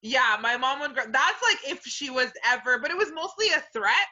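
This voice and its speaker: Lively high-voiced woman chatting. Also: moderate pace, highs cut off. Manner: animated, laughing, many "like"s. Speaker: podcast guest. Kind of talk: casual chat.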